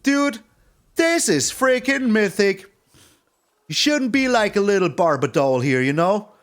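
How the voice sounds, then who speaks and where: A young man giving casual gameplay commentary, playful and taunting, swinging between excited high bursts and low mutters. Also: a little slow. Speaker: game streamer.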